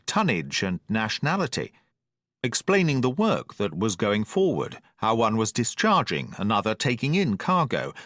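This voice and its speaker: Guy reading an old adventure novel aloud, expressive up and down voice, dead dry mic. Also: mid-range voice, dry recording. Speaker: audiobook narrator. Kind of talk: scripted narration of a classic novel.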